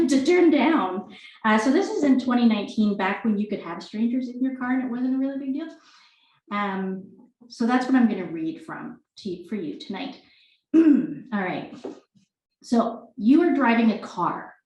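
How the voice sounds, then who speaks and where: Woman at a book launch reading, jokey and self-deprecating, bit higher voice, echoey hall. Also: darkish tone. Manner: chatty, self-deprecating, laughing between lines. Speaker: author reading her work. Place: bookstore event room indoors. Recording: echoey room.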